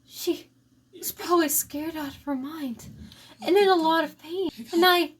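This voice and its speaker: A woman's voice: very high voice, moderate pace. A woman performing an emotional fan dub of a horror game, with pleading delivery. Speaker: voice-over performer.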